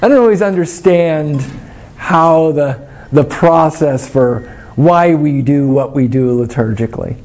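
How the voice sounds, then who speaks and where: A man's voice: fairly high pitch, a little slow, darkish tone. A man leading a church study class, explaining things in an informal, thoughtful and wry way while answering questions.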